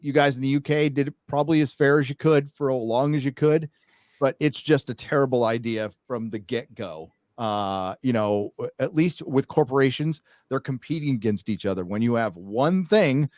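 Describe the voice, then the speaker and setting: A man's voice: medium pitch, no echo, studio quality. An American man hosting a podcast, sharing blunt, skeptical opinions in casual talk with frequent stammered restarts. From United States. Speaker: podcast host.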